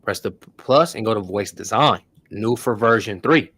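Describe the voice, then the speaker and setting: A man's voice: fairly low pitch, lively intonation, moderate pace, fairly bright tone, husky, no echo. A man hosting a casual tech tutorial stream, talking loosely in slang to his viewers. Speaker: host.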